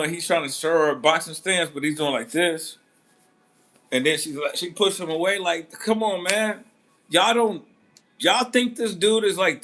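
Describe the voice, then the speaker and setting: Bright-voiced man telling a story casually. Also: high voice. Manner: animated storytelling, acting out quotes; laid-back, laughing. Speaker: boxing channel host. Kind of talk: casual commentary.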